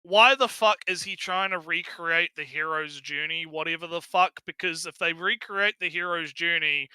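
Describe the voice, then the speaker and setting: Sharp-voiced man, profane and excitable. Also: fairly high pitch, moderate pace, smooth, no echo. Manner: profane, excitable, laughing, with many fillers. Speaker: co-host of a review stream. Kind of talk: casual plot recap chat.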